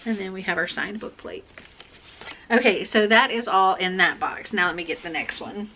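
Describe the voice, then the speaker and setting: A woman chatting casually as she unboxes book subscription boxes, gushing excitedly over each item. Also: mid-range voice, normal speed, a little hiss or hum. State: has the hiccups.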